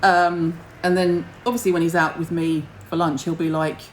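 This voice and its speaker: A middle-aged woman hosts a relaxed livestream, her voice sitting slightly low. She rambles cheerfully and bluntly, dropping casual swears as she hops between topics. A faint hum of background noise runs under her webcam audio. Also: moderate pace, poor audio. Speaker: skincare livestream host. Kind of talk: casual livestream chat to viewers.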